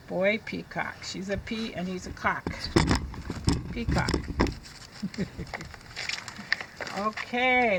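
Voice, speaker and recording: A woman teaching young children to read, reading a picture book aloud in a slow, sing-song way and sounding out letters. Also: mid-range voice, noisy background.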